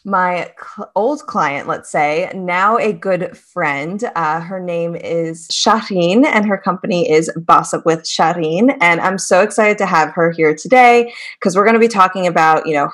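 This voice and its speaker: A woman from the Boston area hosting a podcast, upbeat and chatty and quick to laugh. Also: fairly low pitch, a bit bright. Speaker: podcast host. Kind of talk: casual podcast interview.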